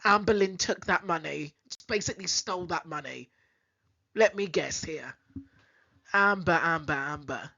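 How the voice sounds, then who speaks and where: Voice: mid-range voice, unhurried, creaky, pushed and bright, muffled recording. A commentator cutting in with sarcastic, mocking remarks. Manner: mocking, emphatic.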